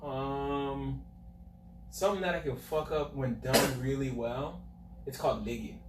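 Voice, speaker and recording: A man's voice: mid-range voice, a little slow, heavy background noise. Podcast guest, a Florida man, chatty and profane, echoey room, distant mic. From USA, Florida. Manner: swears freely, laughs often, animated storytelling. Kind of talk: casual chat.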